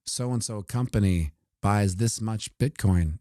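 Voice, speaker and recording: Low, mellow-voiced man riffing on charts. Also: a little slow, no room sound, clean studio sound. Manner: joking asides, talks while scrolling. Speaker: crypto market commentator. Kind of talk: casual live chart commentary.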